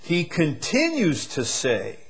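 Pastor type, man, slightly high voice, unhurried emphatic sermon delivery with repeated phrases. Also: huge pitch swings. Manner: emphatic, repetitive preaching cadence.

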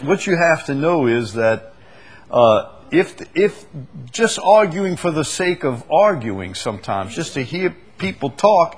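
A man leading a conversational Bible study, reading verses slowly and with weight, then explaining them with easy laughs. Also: fairly high pitch, slightly rough. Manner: animated, stresses quoted verses slowly, laughs often. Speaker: Bible teacher.

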